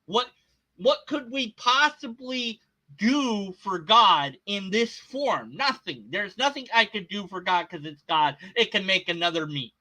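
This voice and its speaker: A man rants casually about a video he is reacting to, sarcastic and agitated, and often stops to restart a thought. His voice sits high and sounds very bright and cutting. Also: lively intonation, unhurried, low-quality recording. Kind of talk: casual rant.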